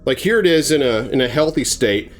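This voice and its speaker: A man's voice: medium pitch, lively intonation, fairly quick, faint music behind. A man telling a horror story in a casual, rambling way, full of fillers and restarts.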